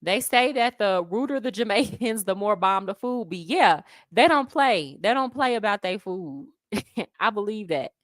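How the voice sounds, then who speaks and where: A woman's voice: medium pitch, lively intonation, unhurried, a bit bright, no echo, clean studio sound. A woman from the United States who hosts a casual travel livestream, chatting animatedly with viewers, laughing often and speaking in slang. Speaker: expat travel livestream host. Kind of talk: casual livestream chat, answering viewer comments. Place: Colombia, living abroad.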